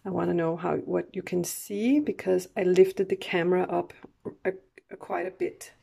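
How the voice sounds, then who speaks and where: A woman's voice: lowish voice, steady tone, normal speed, gravelly, dark tone, slightly rough. A woman doing a casual tarot reading to camera, chatty, with many fillers and restarts and frequent laughs. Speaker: tarot card reader.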